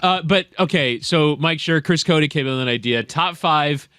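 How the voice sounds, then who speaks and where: A man co-hosting a talk show, making dry, deadpan jokes. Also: fairly high pitch, normal speed, clean tone, no room sound. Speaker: co-host. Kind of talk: casual chat.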